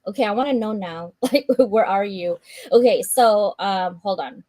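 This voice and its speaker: A woman hosting a live stream, reading out a checklist and chatting in an animated way, laughing often and acting out her own thoughts. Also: mid-range voice, normal speed, hardly any pauses, dry recording.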